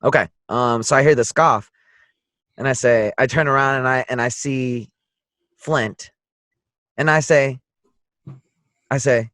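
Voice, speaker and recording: A man's voice: mid-range voice, measured pace, long pauses, fairly bright tone, no echo, clean studio sound. A man playing a tabletop game, drawling in character and calling others baby, with lots of ums. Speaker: player. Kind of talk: casual tabletop role-play.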